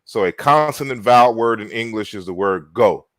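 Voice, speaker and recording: A man giving an online lecture and walking through slides, talking in an unhurried way with many fillers and restarts. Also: on the low side, a bit bright, dry recording. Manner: unhurried, frequent "you know" fillers and restarts.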